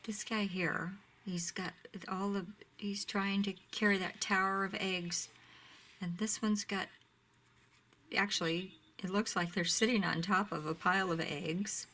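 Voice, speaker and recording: A woman's voice: medium pitch, fairly even intonation, unhurried, pushed and bright. A woman casually showing off ribbons from her craft shop, chatty and gushing, often dropping to a near-whisper. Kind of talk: casual product show-and-tell.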